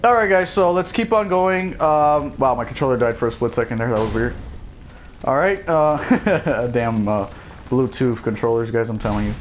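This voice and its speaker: A young man giving jokey, excitable let's play commentary, with loud bursts of surprise. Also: medium pitch, normal speed. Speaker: gameplay commentator. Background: family noise and faint game music.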